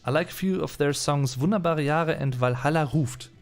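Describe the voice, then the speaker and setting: A man's voice: fairly high pitch, normal speed, soft background music. A man from Germany with a German accent, hosting a live-stream Q&A, reading out chat comments and answering them in a casual, chatty way. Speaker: host.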